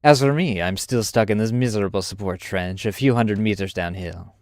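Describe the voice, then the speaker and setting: A man's voice: on the low side, moderate pace, a little mellow, no echo, lightly acted. A man voicing a weary young French soldier reading his letter home aloud, with a faint put-on French inflection.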